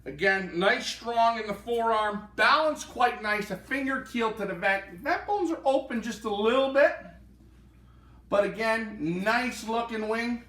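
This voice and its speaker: A man's voice: very high-pitched, unhurried, bright, forceful tone. A man co-hosting a live pigeon auction, enthusiastically appraising each bird he handles. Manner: enthusiastic, appraising birds in hand. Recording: roomy sound from a distance.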